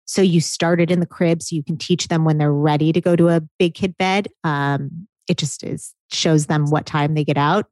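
A woman co-hosting a casual chat, an animated storyteller who laughs often. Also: deep voice, moderate pace, hardly any pauses, no echo. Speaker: podcast co-host.

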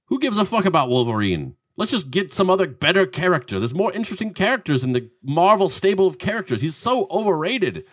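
A man chatting casually on a podcast, opinionated and animated, given to acting out scenes. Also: high voice, a little fast, few pauses. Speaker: podcast co-host. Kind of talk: casual chat.

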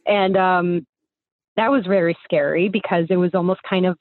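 A young woman tells a story over a tinny, phone-like line, her voice on the low side and dry. She rambles, circling back with fillers and restarts, in a casual conversational way. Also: steady tone, moderate pace, dry recording. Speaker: guest storyteller.

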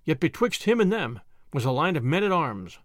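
A man reading an old adventure story aloud in an expressive, lilting way. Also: on the high side, moderate pace, no room sound. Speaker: audiobook reader. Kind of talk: storybook narration. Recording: dry close recording.

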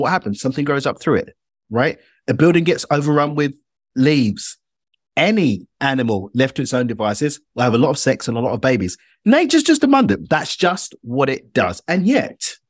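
Energetic British man giving a keynote. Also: mid-range voice, slightly rough, dry recording, studio quality. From Britain. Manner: energetic, playful, addresses audience directly. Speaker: keynote speaker. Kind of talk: interactive online keynote.

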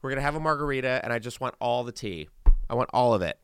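A man hosting a podcast, telling animated stories with playful asides in casual chat. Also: medium pitch, fast, clean tone, no room sound. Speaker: podcast host.

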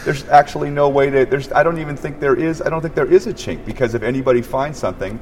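A man's voice: mid-range voice, quick pace, a little mellow, long reverb tail, slight background noise. A man in casual podcast chat, working through his argument aloud and chiming in often with agreement. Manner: reasoning aloud, frequent agreeing interjections.

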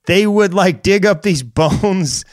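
A man's voice: high voice, takes it slowly, dry recording, clean studio sound. Wry, opinionated male podcast co-host. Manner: wry, opinionated, laughs while talking. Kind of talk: casual chat about crossword puzzles.

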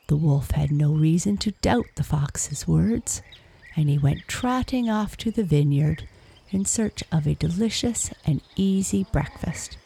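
A woman narrating a fable in a slow, hushed storytelling manner. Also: deep voice. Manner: slow, hushed, gravelly reading. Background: crickets.

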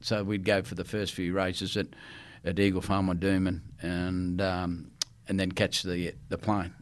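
A man's voice: deep voice, little pitch movement, measured pace. A middle-aged man with an Australian accent, a guest telling rambling stories in casual chat, often laughing and restarting. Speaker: guest, former player.

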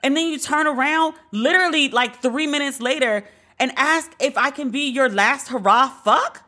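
A woman's voice: sits high, normal speed, sharp tone. A woman with a New York accent telling a candid personal story, blunt and profane, acting out the quoted dialogue. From Brooklyn, New York.

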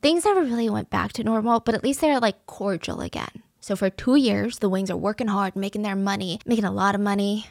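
A woman's voice: mid-range voice, brisk, vocal fry, hardly any pauses, no echo, studio quality. Chatty woman retelling a true crime story. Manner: chatty, animated, acts out quotes. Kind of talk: casual storytelling.

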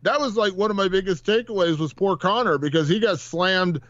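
A man talks through a casual podcast chat with a fairly high voice, rambling and restarting as he goes. The sound is dry and dull, with a lo-fi edge. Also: brisk, a bit bright, no room sound. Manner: rambling, many fillers and restarts. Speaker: podcast co-host.

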